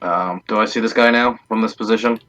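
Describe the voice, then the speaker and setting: A man's voice: fairly low pitch, steady tone, brisk, bright, forceful tone. A man playing a tabletop game, laid-back, with dry short remarks. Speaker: player. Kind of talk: casual chat.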